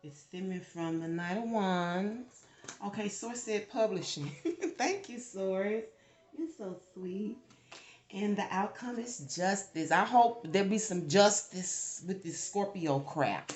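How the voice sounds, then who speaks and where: A woman giving a casual tarot reading, chatty and animated, swearing freely when she gets worked up. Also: medium pitch, slow, reverberant. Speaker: tarot reader.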